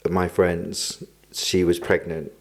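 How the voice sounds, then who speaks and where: A man co-hosting a podcast, telling stories in an expressive way and quick to laugh. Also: sits low. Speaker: podcast co-host. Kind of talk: casual podcast chat.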